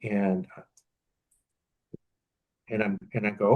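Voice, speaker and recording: A man's voice: fairly low pitch, measured pace, pauses often, rough recording. A man co-hosting a podcast, speaking reflectively and thinking aloud, often restarting his sentences. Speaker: podcast co-host. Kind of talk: casual podcast conversation.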